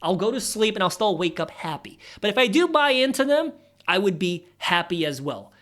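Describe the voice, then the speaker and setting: A man in his thirties hosting a casual stock-analysis tutorial, chatty and animated, dropping jokey asides as he walks through the numbers. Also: high voice, moderate pace. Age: 30s. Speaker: investing channel host.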